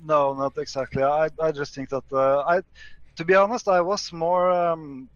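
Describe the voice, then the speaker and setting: A man's voice: on the high side, fairly even intonation, moderate pace, dry recording, lo-fi sound. A man in a casual argument who answers hesitantly and defensively, with many fillers and restarts.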